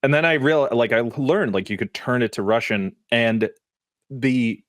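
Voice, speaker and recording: Laughing, animated podcast co-host, man. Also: mid-range voice, a little slow, no room sound, studio quality. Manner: animated, laughs often, many fillers. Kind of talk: casual chat.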